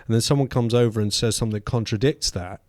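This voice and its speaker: A man's voice: medium pitch, fast talker, darkish tone, no echo. A man from the UK, a podcast co-host, talking through ideas in casual discussion and reading quotes aloud. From United Kingdom. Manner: thoughtful, reads quotes aloud, frequent restarts.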